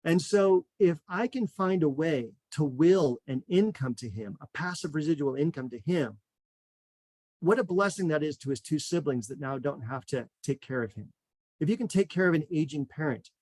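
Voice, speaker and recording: A man's voice: fairly high pitch, dry recording. Fired-up man hosting a webinar. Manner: energetic, repetitive motivational talk. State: out of breath. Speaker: real estate coach and webinar host. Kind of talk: enthusiastic webinar pitch.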